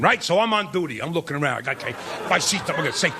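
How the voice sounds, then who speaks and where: A man's voice: sits high, lively intonation, quick pace. A man doing a stand-up comedy set on a club stage, talking conversationally and checking in with the crowd, sometimes acting out people in put-on voices. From Irish-American, New Jersey area. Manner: acts out relatives and strangers in put-on voices. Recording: live club recording with crowd laughter and noise. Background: audience laughter and club noise.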